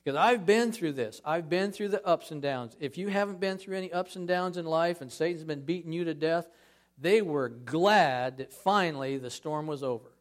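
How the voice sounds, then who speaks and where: A man giving a conversational sermon in a church as a guest speaker, acting out scripture scenes with lively emphasis. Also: a little high, moderate pace.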